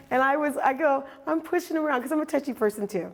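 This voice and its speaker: A middle-aged woman giving a casual talk about her artwork, animated and acting out quoted dialogue as she tells stories. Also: sits high, very fast, few pauses. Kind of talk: casual presentation.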